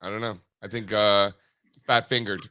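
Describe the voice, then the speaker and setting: Brash, bright-voiced male show host. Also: lowish voice, normal speed, clear, resonant tone. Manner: brash, animated, swears casually. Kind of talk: casual livestream chat.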